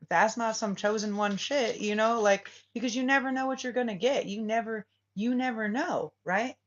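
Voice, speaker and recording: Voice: mid-range voice, normal speed, a bit bright, muffled recording. A spiritual reader and channel host telling a story in a casual vlog, rambling, swearing often, restarting phrases and asking "right?" again and again.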